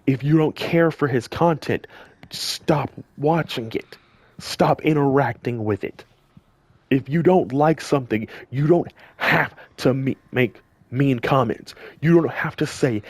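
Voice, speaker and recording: A man's voice: medium pitch, unhurried, no room sound. A man delivering a heated, scolding rant straight at his audience as a commentator, repeating lines for emphasis. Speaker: gaming channel commentator. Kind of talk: angry direct-to-camera rant.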